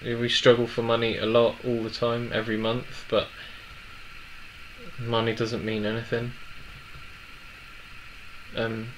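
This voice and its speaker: Young guy in his 20s telling his own story, halting, lots of restarts, average pitch. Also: monotone, fairly bright tone, slight background noise, poor audio. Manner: halting, emotional, many restarts. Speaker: vlogger. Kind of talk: personal story, casual.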